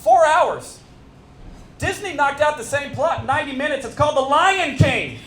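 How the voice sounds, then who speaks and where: Middle-aged guy doing stand-up, high voice, lively, echoey room, audience noise behind. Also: normal speed. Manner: animated, self-mocking, teasing the audience. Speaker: stand-up comedian. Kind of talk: live stand-up set. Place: stage at a fundraiser event. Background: audience laughter.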